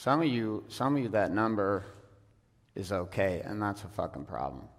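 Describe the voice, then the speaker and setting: A man with a fairly low voice tells a personal story to a seminar audience, blunt and profane, often pausing on ums. His voice carries a long echo in a large hall. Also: very animated, creaky. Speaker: seminar speaker. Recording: echoey hall.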